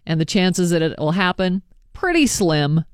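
A woman in casual chat on a talk show, calmly relaying health facts in a matter-of-fact tone. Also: on the low side, moderate pace, dry recording, clean studio sound.

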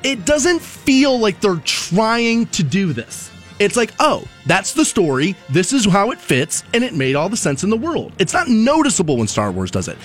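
A man's voice: high-pitched, huge pitch swings, moderate pace, hardly any pauses, soft background music. Rambling casual male talk show host. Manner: rambling, conversational, with restarts.

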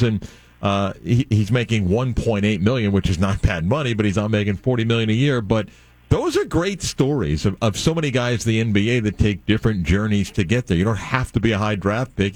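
Man, sports radio host, low pitch, dry close sound, chatty with fillers. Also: no room sound. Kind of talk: casual sports talk.

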